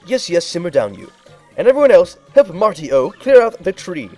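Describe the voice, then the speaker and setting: A man's voice: high-pitched, very animated, normal speed, dark tone, soft background music, pitched above the performer's own voice. A man voicing a crotchety, bossy old female tribal elder in a game playthrough, scolding and barking orders.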